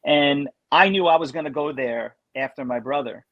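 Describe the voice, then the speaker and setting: A man being interviewed as a guest drummer, telling anecdotes in a casual, animated way and often restarting his sentences. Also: on the high side, moderate pace, no room sound, dull audio.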